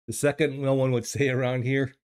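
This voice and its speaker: A man's voice: medium pitch, darkish tone, no room sound, clean studio sound. An older man from the United States, hosting a casual livestream chat, talking hesitantly, repeating words and chuckling often. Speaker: livestream host reading chat. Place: home streaming studio. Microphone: desk microphone.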